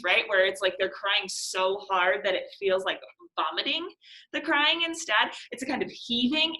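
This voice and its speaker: A woman's voice: on the high side, bright, forceful tone, low-quality recording. A young woman teacher leading a literature class discussion, chatty, laughing often and using plenty of fillers.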